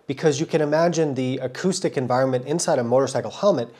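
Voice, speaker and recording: A man's voice: mid-range voice, quick pace, a little mellow, slight background noise. Motorcycle vlog host, man, under a cold, friendly and thorough, walks through gear step by step. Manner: friendly, thorough, repeats words for stress. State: has a cold. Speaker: motorcycle vlogger. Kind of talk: casual explanatory vlog talk.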